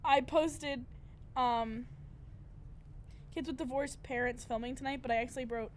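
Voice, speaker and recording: A woman's voice: high voice, steady tone, a little slow, a little hiss or hum. A young woman co-hosting a casual podcast, blunt and teasing in her banter. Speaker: podcast co-host. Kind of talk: casual chat. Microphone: studio mic.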